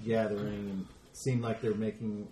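Low-voiced man running a tabletop game. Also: level tone, moderate pace, dark tone. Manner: loose running narration with frequent "and then" links. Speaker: game master. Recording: echoey room with background noise.

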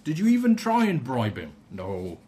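A man's voice: mid-range voice, huge pitch swings, moderate pace. A man narrating a tabletop game as game master, dry and matter-of-fact. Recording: noisy home recording.

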